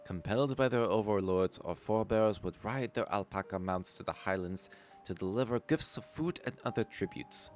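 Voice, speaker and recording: A man reading the lines of a small, formal storyteller from a merchant clan, measured and solemn. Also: fairly low pitch, faint music behind, natural voice. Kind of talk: reading game dialogue aloud.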